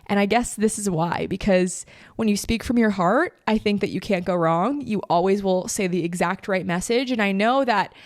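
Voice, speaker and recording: A woman's voice: mid-range voice, normal speed, dry recording, clean studio sound. Candid, emotional woman podcast host. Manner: candid, emotional, swears freely. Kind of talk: casual heartfelt monologue.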